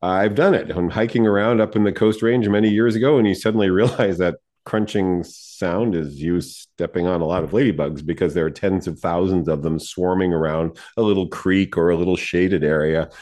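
A man co-hosting a casual radio garden show, explaining things in a relaxed way with the odd chuckle. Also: low-pitched, moderate pace, few pauses. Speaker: radio garden show co-host, garden center owner.

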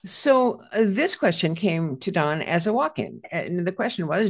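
A woman's voice: lowish voice, big pitch swings, unhurried. A woman co-hosting a casual radio garden show, reading out event announcements in a chatty way and correcting herself along the way.

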